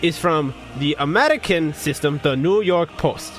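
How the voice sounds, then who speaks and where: A man putting on a fake Russian accent as a bumbling, proud Soviet newsreader, speaking loud and cheerful in broken English. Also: a little high, lively intonation, moderate pace, faint music behind. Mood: proud deadpan. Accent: put-on Russian.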